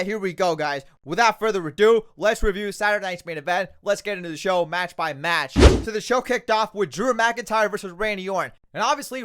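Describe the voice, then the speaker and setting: Exasperated high-voiced male wrestling reviewer. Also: fairly bright tone. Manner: exasperated, repetitive rhetorical questions. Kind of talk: ranting video review.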